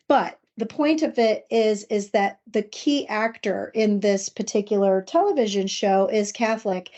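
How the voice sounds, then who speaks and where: A middle-aged woman co-hosting a podcast, talking in an earnest, personal, reflective way and slowing down to stress key words. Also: medium pitch, a little mellow, lo-fi sound. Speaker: podcast co-host. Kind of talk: casual podcast discussion.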